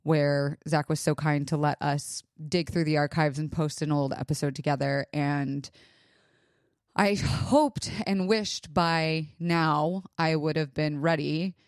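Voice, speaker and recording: A young woman speaks low and slowly on her podcast, pausing often as she fights back tears. Her delivery is halting and emotional, full of fillers and restarts. The sound is dry and close. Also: fairly even intonation, no room sound. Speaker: podcast host. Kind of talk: personal monologue.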